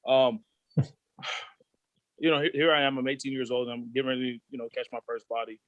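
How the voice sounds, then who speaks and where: A man in his thirties, a podcast guest, telling candid stories in a profane, animated way and acting out the voices of his friends. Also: medium pitch, rapid-fire, dry recording, phone-quality sound. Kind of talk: candid storytelling.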